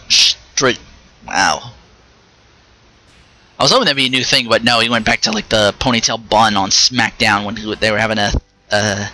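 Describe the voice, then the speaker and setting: A man hosting a casual solo podcast, rambling and restarting his sentences, with quick asides while he plays a game. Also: mid-range voice, sharp tone, poor audio. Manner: rambling, stops and restarts mid-thought; chatty, with short asides while playing a video game. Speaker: podcast host.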